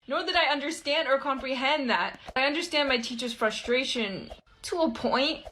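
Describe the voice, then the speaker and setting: Young woman in her twenties, casual storytime narrator, chatty and animated, a touch high. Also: slight background noise, poor audio. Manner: chatty and expressive, quick asides to viewers.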